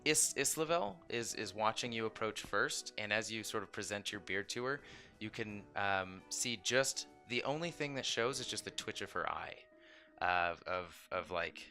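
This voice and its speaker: Low-voiced male dungeon master, bright tone, easygoing filler-heavy narration. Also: moderate pace, faint music behind. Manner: relaxed storytelling with many fillers. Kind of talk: narrating a tabletop game.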